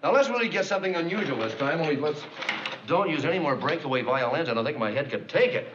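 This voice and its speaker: An actor in his thirties playing a quick-witted comedy writer, bantering with exasperation in a 1960s sitcom. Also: a little high, expressive, noisy background, lightly acted. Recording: dull 1960s TV soundtrack, studio laughter.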